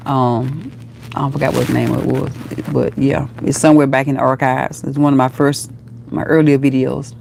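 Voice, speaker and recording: A woman vlogger chatting on a livestream, reading viewer comments and talking to them as "girl" and "honey" in a lively, encouraging way. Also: rumbling low, normal speed, gravelly, background noise.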